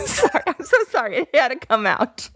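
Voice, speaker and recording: A woman's voice: sits high, wildly swooping pitch, a little slow, a bit bright, dry recording, studio quality. A woman in her thirties, a podcast co-host, chatting casually in a bubbly, giggly, rambling way. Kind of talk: casual chat.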